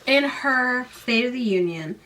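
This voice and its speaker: A woman in her late twenties to thirties hosting a podcast, recapping a book in a casual way with sarcastic, animated, mocking asides. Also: on the high side, unhurried, far from the mic. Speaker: podcast host.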